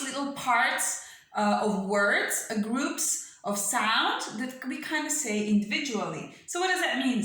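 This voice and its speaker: A woman teacher with a bright, rather high voice leads a phonics lesson for small children. She talks slowly and patiently, sounds words out letter by letter and keeps checking in with the class. The recording is very echoey, as if made in a bare room. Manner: checks in with frequent "okay?" and "yeah?". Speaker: primary school English teacher.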